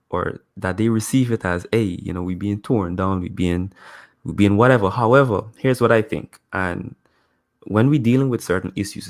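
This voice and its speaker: A man speaking as a guest in a casual live-stream discussion, laying out his argument deliberately, point by point. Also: on the low side.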